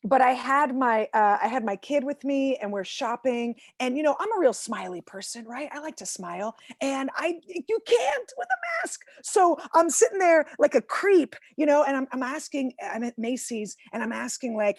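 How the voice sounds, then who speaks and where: Animated, self-mocking woman doing stand-up. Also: high voice, normal speed, few pauses, dry recording, clean studio sound. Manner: self-mocking, animated, acts out voices and shouts punchlines. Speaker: stand-up comedian. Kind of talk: stand-up comedy set over video call. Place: home, performing to a video call.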